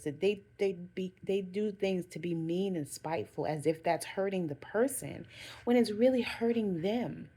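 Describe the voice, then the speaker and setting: A woman's voice: mid-range voice, moderate pace, dark tone, slightly rough. Earnest woman giving life advice. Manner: earnest, advising, repeats phrases for emphasis. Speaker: vlogger. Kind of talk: casual motivational talk to camera.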